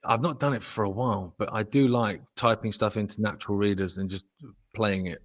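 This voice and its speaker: A middle-aged man with a low voice, telling sweary, animated stories as a podcast co-host. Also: a little fast. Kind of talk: casual chat.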